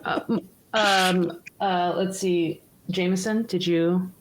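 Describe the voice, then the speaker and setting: Rambling woman game master, low voice. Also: steady tone, takes it slowly, background noise. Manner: chatty, rambling, many fillers. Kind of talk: narrating a tabletop game.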